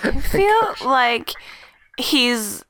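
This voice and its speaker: Wanita yang bicara pelan dan jernih. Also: female voice, high-pitched, very animated, fairly bright tone. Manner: unhurried, thoughtful, uses many fillers. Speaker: podcast guest, high school teacher. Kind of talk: casual chat.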